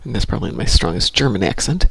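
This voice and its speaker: A man hosting a stream, chatting casually and telling stories with animated delivery. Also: on the low side, quick pace, creaky, husky, no echo. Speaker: stream host. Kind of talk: casual chat.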